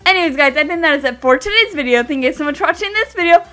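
Very high-pitched excitable gamer girl. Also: racing. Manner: excitable, chatty, bursts into squeals and screams. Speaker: gaming YouTuber. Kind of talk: casual game commentary.

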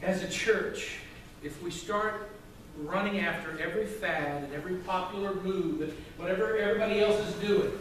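A male pastor preaching a sermon to his congregation, loud and emphatic, with asides to the room. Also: high-pitched. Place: church sanctuary. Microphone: microphone at a distance. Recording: very echoey hall, from far off, faint noise.

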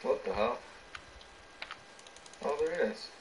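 Young male gamer, excitable, loud cheers, mid voice, faint noise. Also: mid-range voice, takes it slowly. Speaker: gaming teammate. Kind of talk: casual gaming chat.

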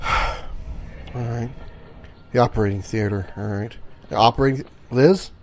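A man's voice: medium pitch, measured pace, a little hiss or hum. A man casually commenting on his gameplay, rambling, correcting himself and swearing freely. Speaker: gaming channel host.

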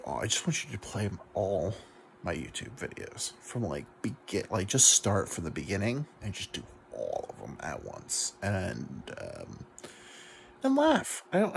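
Drunk man rambling with a gravelly voice. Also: deep voice, wildly swooping pitch, moderate pace, slight background noise. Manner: rambling, self-deprecating, full of fillers and trailing asides. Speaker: YouTube comedian. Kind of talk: rambling confessional monologue to camera.

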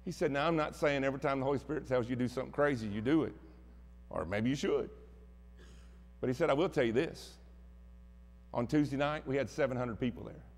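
A man's voice: mid-range voice, a little fast, long pauses, in a large hall. A man with a Southern American accent preaching a sermon as pastor, telling stories in a folksy, plainspoken way. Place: church sanctuary.

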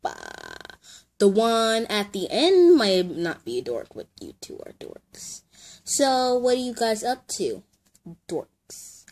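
A woman's voice: medium pitch, sing-song, takes it slowly, darkish tone. A woman playing out a doll scene, switching between playful character voices.

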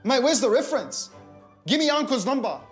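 An Australian man playing a rude, foul-mouthed young fast-food worker who snaps sarcastic insults at customers in a comedy sketch. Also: extremely high pitch, big pitch swings, loud music behind the voice. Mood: insulting.

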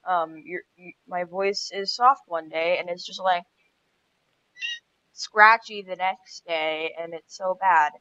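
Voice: medium pitch, fairly even intonation, slow pace, pushed and bright. Stuffy-nosed, chatty gameplay commentator. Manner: chatty, easily startled. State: stuffy nose. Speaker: gaming channel host. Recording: dull lo-fi sound.

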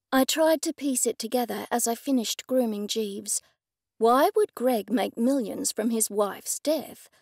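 Audiobook narrator: woman, slightly raised pitch, gravelly texture, dry close recording, steady storytelling. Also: no room sound. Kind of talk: first-person scripted narration.

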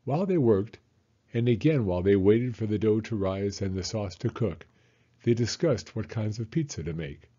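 Male storyteller for kids, mellow husky voice, lively read-aloud, dull lo-fi home recording. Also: lowish voice, normal speed. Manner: expressive, animated narration. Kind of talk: children's book read-aloud.

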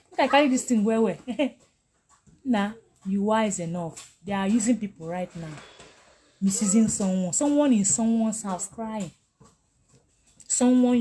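A woman's voice: mid-range voice, darkish tone, slight background noise. A middle-aged woman teaching on a live stream. She talks emphatically, repeats herself and laughs often. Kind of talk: live-stream motivational talk.

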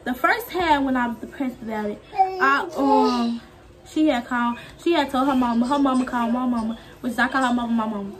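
A woman's voice: on the high side, a little fast. A young woman, telling a personal story in a casual, rambling way and acting out what others said. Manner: rambling, repeats herself, quotes people in voices. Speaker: vlogger.

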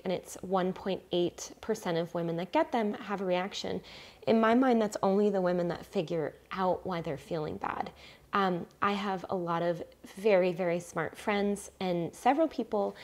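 A woman in her forties talking candidly to the camera at home about her own health, emotional and hesitant, with frequent ums and restarts, then reading a list of symptoms aloud item by item. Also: fairly low pitch. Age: 40s. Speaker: vlogger sharing a personal health story. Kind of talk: casual personal vlog. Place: at home, messy room.

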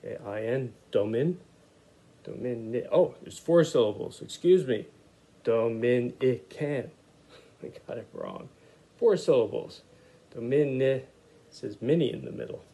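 A man's voice: medium pitch, vocal fry. A man teaching an art lesson to children, talking through his lettering as he works and sounding out words for young readers in an easygoing, thinking-aloud way. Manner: relaxed, thinks aloud with frequent "uh" and "okay".

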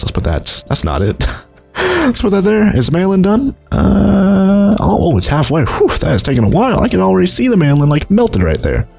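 A young man narrating his Minecraft let's play, rambling and chuckling as he goes. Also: a little mellow. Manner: rambling, chuckling, jumps between low mumbles and high exclaims. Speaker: gaming YouTuber.

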